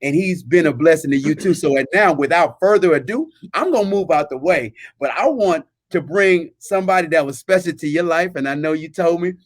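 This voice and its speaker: Man as podcast host, heartfelt and earnest, slightly high voice. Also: animated, fairly quick, hardly any pauses, no room sound. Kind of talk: podcast introduction.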